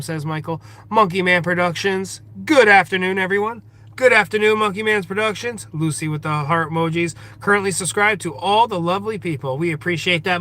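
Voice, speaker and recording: A man's voice: high-pitched, bright, forceful tone. A man hosting a casual livestream outdoors in a forest, reading viewer comments aloud and greeting each viewer by name. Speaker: livestream host.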